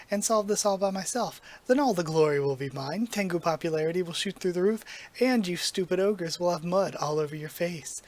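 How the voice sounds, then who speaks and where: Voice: medium pitch, darkish tone, lightly acted. Khan, a cocky young tengu lad, read aloud by a reader. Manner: cocky, slangy boasting. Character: brash young male tengu guardian, proud and petty. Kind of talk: reading comic dialogue aloud.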